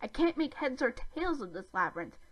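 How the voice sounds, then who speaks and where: A woman's voice: high voice, very animated, moderate pace, pitched above the performer's own voice. A woman voicing a boastful alien boy invader who hisses and barks his lines imperiously. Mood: grumbling. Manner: hissing, imperious, shouty.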